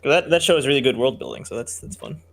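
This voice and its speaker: A man's voice: mid-range voice, huge pitch swings, fast talker, vocal fry, fairly bright tone, slight background noise. A man co-hosting a let's play, joking around in a goofy, casual way. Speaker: co-host. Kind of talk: casual gameplay chat.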